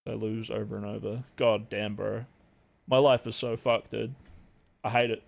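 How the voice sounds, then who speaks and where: A man's voice: on the low side, level tone, moderate pace, creaky. A young man, streaming and chatting casually, rambling with lots of fillers and swearing. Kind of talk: casual live-stream chat.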